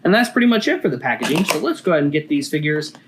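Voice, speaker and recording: A man's voice: fairly high pitch, very animated, racing, background noise. A man hosting a casual toy review video, chatty and enthusiastic.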